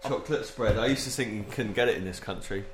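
A man's voice: fairly low pitch, quick pace, slight background noise. A man co-hosting a casual podcast at home, with dry, teasing banter. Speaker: podcast co-host. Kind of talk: casual chat. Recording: roomy echo.

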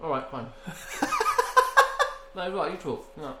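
A man's voice: on the high side, slow pace, background noise. Joking man in a roomy room. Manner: joking, mock-exasperated banter. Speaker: podcast co-host. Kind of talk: casual chat. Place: at home, early morning. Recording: roomy echo.

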